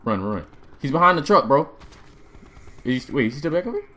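Hyped young man yelling over gameplay. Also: medium pitch, sing-song, quick pace. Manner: hyped, loud outbursts, repeats phrases, laughing. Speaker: gaming YouTuber. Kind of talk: gameplay commentary. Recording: faint music and gunfire behind.

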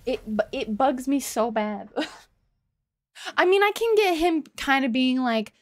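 High-voiced woman streamer, chatty and swearing. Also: lively intonation, takes it slowly, no room sound, clean studio sound. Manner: chatty, swears freely, laughs often. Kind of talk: live game-stream commentary.

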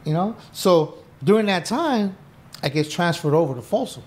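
In an indoor podcast room, a middle-aged man shares his story as a guest in relaxed interview conversation. His voice is high and his pace moderate; he's animated, performs quoted dialogue from old conversations and curses casually.

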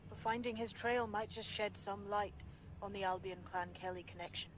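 A woman's voice: mid-range voice, fairly even intonation, close to an everyday voice. An actress voicing a determined resistance leader briefing her team in a video game. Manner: brisk, businesslike briefing. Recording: game audio with background noise.

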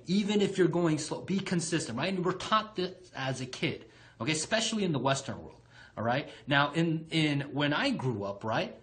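A motivational speaker retells a childhood fable in an animated, conversational way. His voice sits at a middle pitch, and he checks in with the listener again and again. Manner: animated, with repeated "right?" asides. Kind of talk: motivational storytelling.

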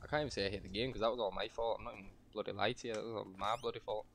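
A man's voice: lowish voice, fairly even intonation, very fast. Guy streaming a game, rambly and swears a lot, laughs at himself, faint hiss behind. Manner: rambling, self-mocking, swears freely. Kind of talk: casual gameplay commentary.

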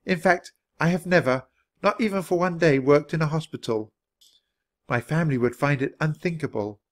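A man's voice: fairly high pitch, moderate pace, pitched above the performer's own voice, close to an everyday voice. Man doing a modest, earnest young Victorian lady. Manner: polite, earnest, gently enthusiastic.

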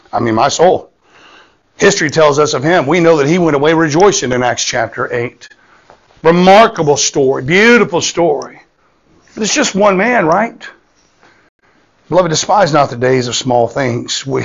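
A man's voice: mid-range voice, creaky. Male pastor, emphatic sermon delivery, dull lo-fi church recording. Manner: emphatic, repeats key phrases, drops to hushed prayer.

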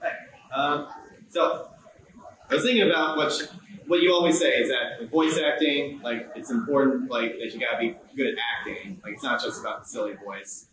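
A man's voice: medium pitch, normal speed, a bit bright, a little hiss or hum. A young man moderating a panel who asks his question in a rambling, hesitant way, full of fillers. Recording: echoey convention hall.

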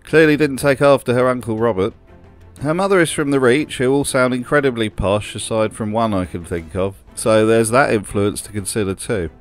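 A man's voice: medium pitch, moderate pace, soft background music. A man hosting a comedic video essay, narrating in a dry, sarcastic way. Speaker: host.

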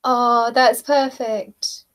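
Young British woman, livestream host, unhurried friendly chatter with frequent giggles. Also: a little high, fairly even intonation, a bit bright. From southeast England. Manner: chatty, giggly, reads out comments. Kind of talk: casual chat while painting.

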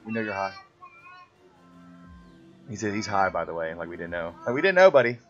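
A man's voice: low voice, big pitch swings, fairly quick. A man chatting while gaming with friends, teasing them in slang and slipping into silly voices. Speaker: gamer streaming with friends. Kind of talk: casual chat over gameplay. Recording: muffled lo-fi audio with faint music.

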